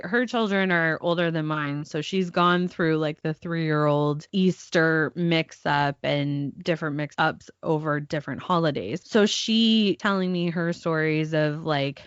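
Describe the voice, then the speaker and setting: A woman's voice: low voice, measured pace, clear, resonant tone, no echo, muffled recording. A young mother co-hosting a podcast, telling a family story casually and acting out her child's voice. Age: young adult. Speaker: podcast co-host. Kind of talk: casual chat.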